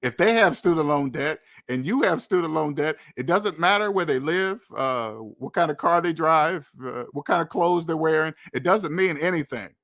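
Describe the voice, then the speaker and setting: A man's voice: fairly high pitch, animated, moderate pace, creaky, few pauses, a bit bright. A young adult man hosting a personal finance channel, lecturing his viewers bluntly and repetitively in a preachy, scolding manner.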